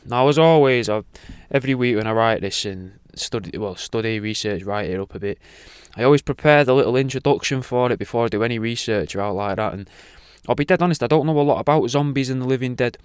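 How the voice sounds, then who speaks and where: A man's voice: mid-range voice, fast, few pauses, clean tone, no room sound, studio quality. A man hosting a radio show, rambling through an irreverent, sweary monologue.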